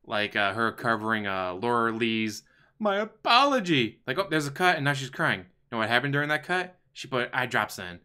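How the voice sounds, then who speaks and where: Male stream host, bright crisp voice, sarcastic and crude, casual commentary. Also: mid-range voice, very animated, fairly quick. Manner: profane, sarcastic, mocking.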